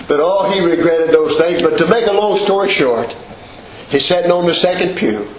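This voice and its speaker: A man's voice: high-pitched, moderate pace, echoey room, muffled recording, a little hiss or hum. A man preaching a sermon in a church, repeating phrases with rising emphasis.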